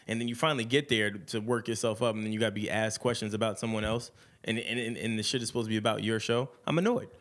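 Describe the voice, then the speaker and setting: A man's voice: on the low side, fast talker. A man co-hosting a podcast in casual chat, telling stories animatedly and mimicking people. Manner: animated storyteller, mimics people while laughing. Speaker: podcast co-host.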